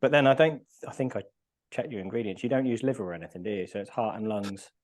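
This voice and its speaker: A man's voice: fairly low pitch, fast talker, a little mellow. A male podcast host in casual chat, talking through a mouthful and murmuring between words. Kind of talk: casual chat while tasting food.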